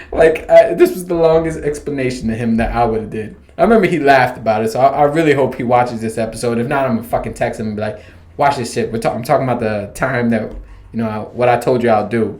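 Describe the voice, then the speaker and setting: Profane, joking young man. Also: on the high side. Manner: joking, profane, acts out loud imagined lines to a ghost boy. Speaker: podcast host. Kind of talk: casual solo commentary on a horror movie.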